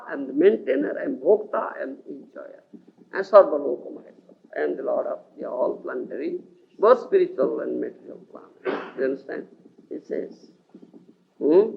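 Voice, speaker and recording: This Indian man's voice is high and gravelly as he lectures on scripture in a lecture hall, animatedly checking again and again that his audience is following. It comes from a dull, lo-fi archival tape carrying a faint hiss.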